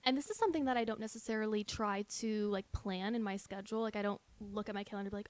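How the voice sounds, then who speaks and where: Brief: young woman podcast co-host, casual and animated, lots of "like". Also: mid-range voice, racing, few pauses. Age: young adult. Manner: chatty, animated, laughs often, heavy use of "like". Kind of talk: casual chat.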